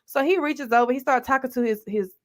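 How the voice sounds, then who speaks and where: An American woman hosting a livestream, telling a story in a chatty, animated way and talking straight to her viewers. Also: high-pitched, fast talker. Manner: chatty and animated, calling listeners "baby" and "friends". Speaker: livestream host. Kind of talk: casual storytelling to a live audience.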